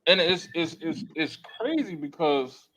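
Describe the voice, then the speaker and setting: Lively, profane man sounding off. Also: fairly high pitch, measured pace, rough recording. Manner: emphatic, profane, exasperated commentary. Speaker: podcast co-host. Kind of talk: casual chat.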